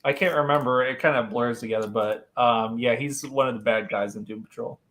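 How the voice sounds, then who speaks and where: A man on a home mic gives his view on a casual stream panel. He has a middle-pitched voice and an easy, hedging way of talking, full of "like" and "you know.". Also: steady tone, a little fast, a bit bright. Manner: laid-back, hedging, says "like" and "you know" a lot.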